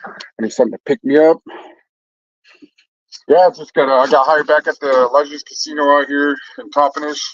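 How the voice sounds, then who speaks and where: A man's voice: fairly high pitch, steady tone, brisk, pauses often, a bit bright, no echo, dull audio. A man chatting casually with his viewers in a loose, rambling way, swearing freely and trailing off into fillers and restarts.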